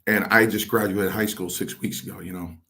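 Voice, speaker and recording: Deep-voiced man telling wrestling tales. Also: brisk. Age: middle-aged. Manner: acts out quotes of others, lively. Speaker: retired pro wrestler telling stories. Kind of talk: anecdotal storytelling.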